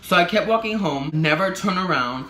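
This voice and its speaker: A young man with a fairly high, bright, forceful voice tells a story in a casual vlog, animated and swearing freely. He acts out everyone else's lines himself. The room is echoey, with a faint hum behind him. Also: normal speed. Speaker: vlogger.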